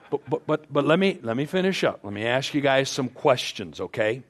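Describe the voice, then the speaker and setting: A man's voice: mid-range voice, animated, moderate pace. Rambling man telling a parable to a group. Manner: rambling, many restarts, playful asides; imitates animal sounds. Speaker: speaker to a group. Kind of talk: motivational talk with a parable.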